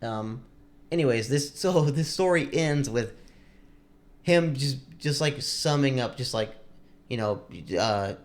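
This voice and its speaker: A man's voice: medium pitch, animated, slow pace. A young man on a podcast telling a long story in a casual, rambling way, full of likes and restarts. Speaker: podcast co-host.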